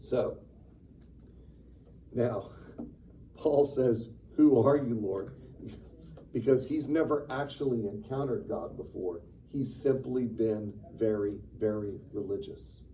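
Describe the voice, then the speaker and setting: Man, Sunday school teacher, lively conversational teaching, deep mellow voice, far from the mic, dull faint hiss. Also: takes it slowly. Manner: animated, conversational, acts out quotes with sudden loud bursts. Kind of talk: Bible class teaching. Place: church classroom. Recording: distant, dull room recording with faint noise.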